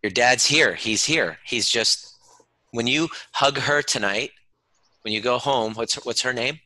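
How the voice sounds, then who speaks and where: A man's voice: medium pitch, unhurried, pushed and bright, no room sound. A man, a chiropractor and educator, guiding someone through an emotional healing exercise with an intense, soothing, coaching delivery. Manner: intense, soothing, swears freely.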